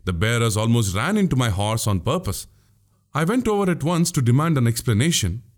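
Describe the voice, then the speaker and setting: Man voicing a boastful young warrior, grandiloquent, audiobook, animated delivery. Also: medium pitch, fairly quick, close to an everyday voice. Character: young boastful swaggering male warrior, witty. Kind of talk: audiobook character voice.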